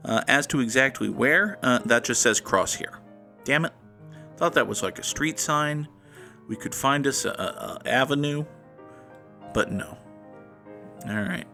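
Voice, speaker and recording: A man's voice: mid-range voice, bright, forceful tone. A man hosting a gaming channel, talking through a guessing game in a sarcastic, rambling, self-mocking way. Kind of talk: casual gameplay commentary.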